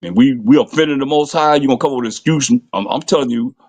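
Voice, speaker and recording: Talking fast in a darkish tone, this male preacher gives an impassioned street-style scripture sermon packed with rhetorical questions, his pitch leaping upward whenever he mocks. The sound is dry, with no room audible.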